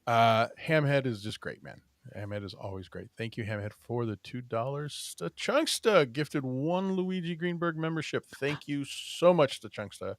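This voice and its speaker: A man's voice: medium pitch, expressive, a little slow, no room sound, clean studio sound. A man hosting a podcast in casual chat, joking, rambling with fillers and laughing often. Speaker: podcast host.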